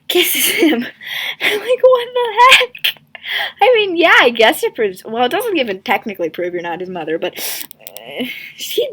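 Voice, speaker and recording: A woman's voice: mid-range voice, fairly bright tone. A young woman casually ranting in a comic review, sarcastic and exasperated, with lots of filler words.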